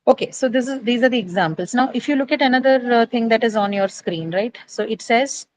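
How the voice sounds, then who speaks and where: A woman's voice: fairly high pitch, fairly quick, poor audio. A woman teaching English pronunciation in an online class, explaining patiently step by step and checking in with tag questions.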